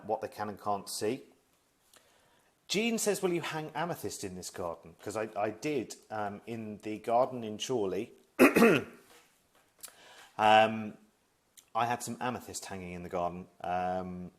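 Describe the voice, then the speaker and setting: Chatty man reading viewer comments. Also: on the low side. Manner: chatty, reads comments aloud, many ums. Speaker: live-stream host reading viewer comments. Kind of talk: casual live chat. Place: at home in his living room.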